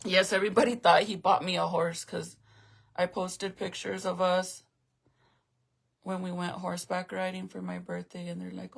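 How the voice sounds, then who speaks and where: A woman's voice: fairly low pitch, steady tone, moderate pace, creaky, fairly bright tone, slightly rough. A woman in her thirties chatting casually on a livestream to her viewers, emotional and close to tears. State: tearful. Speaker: livestream host.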